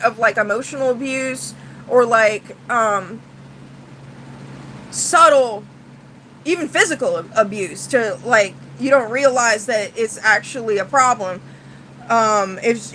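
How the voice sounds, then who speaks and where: High, bright-voiced woman venting bluntly. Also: measured pace, a little hiss or hum, low-quality recording. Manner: blunt and profane, swinging between heated outbursts and tired sighs. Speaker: streamer venting to chat. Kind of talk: casual livestream venting.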